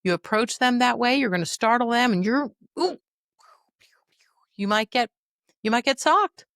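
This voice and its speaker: A middle-aged woman, a dementia caregiver and trainer, coaching listeners on a podcast in a lively, folksy, direct way. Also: fairly high pitch, moderate pace, dry recording, clean studio sound. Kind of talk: podcast teaching monologue.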